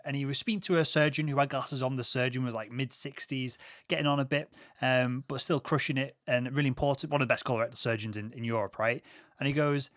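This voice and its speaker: A man hosting a podcast, telling anecdotes in a relaxed conversational way. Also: mid-range voice, fairly quick, no echo, studio quality. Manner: tells anecdotes from his sales past. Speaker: podcast host. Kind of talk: conversational interview. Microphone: studio mic.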